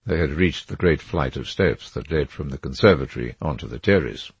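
A man reading a classic novel aloud in expressive, measured scripted narration. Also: very deep voice, breathy edge, no room sound. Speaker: audiobook reader.

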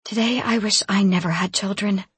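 A woman's voice: medium pitch, fairly even intonation, normal speed, slightly rough, no echo. Woman reading as a weary, resigned mother. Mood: grave. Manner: grave, resigned, softly spoken. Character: weary grieving mother, middle-aged woman.

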